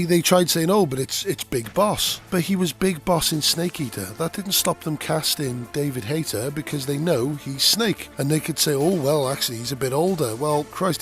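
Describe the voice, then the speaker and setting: A man with a somewhat high voice rambles through a gaming opinion piece. He talks bluntly and with energy, swearing freely as he airs his views, while soft music plays behind him. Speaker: gaming channel host.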